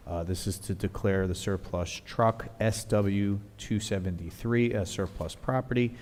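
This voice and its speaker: A man's voice: low-pitched, a little mellow. A man presenting agenda items at a village council work session in a matter-of-fact way, with frequent fillers. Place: council meeting hall. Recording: reverberant hall with faint noise.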